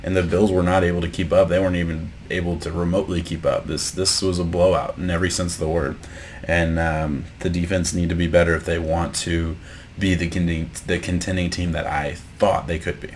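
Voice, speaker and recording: A deep-voiced man gives his casual take on the week's football games. He talks loosely, doubles back on his words and builds into heated, profane rants about bad coaching. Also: flat delivery, a little fast, slight background noise. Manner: heated ranting, swearing, many restarts; laid-back reactionary musing. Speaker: sports podcast host. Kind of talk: casual sports reaction commentary.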